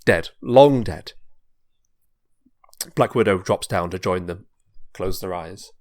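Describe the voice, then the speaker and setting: A man on a podcast, casually narrating a pitched story, rambling and repeating words. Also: slow, a little mellow. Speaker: podcast host.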